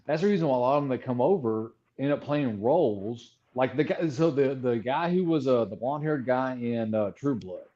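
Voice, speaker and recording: Texan male panelist, rambling explainer, warm tone, muffled call sound. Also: mid-range voice, expressive, normal speed, few pauses. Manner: rambling, explains at length with many restarts. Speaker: panel guest. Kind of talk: casual livestream chat.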